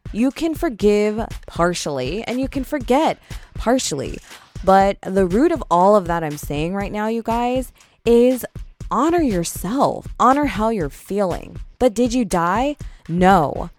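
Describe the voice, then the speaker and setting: A woman's voice: sing-song, a little slow, darkish tone, soft background music. A young woman hosting a solo podcast, talking casually and candidly with emphatic swings in her voice. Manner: chatty, candid, emphatic with pitch jumps. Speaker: podcast host.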